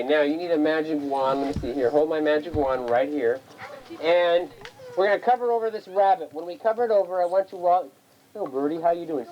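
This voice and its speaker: A woman's voice: low voice, dark tone, highs cut off. A woman performing a magic show at a children's birthday party, coaxing and singsong as she gets the kids to chant along, recorded on a 1980s home camcorder.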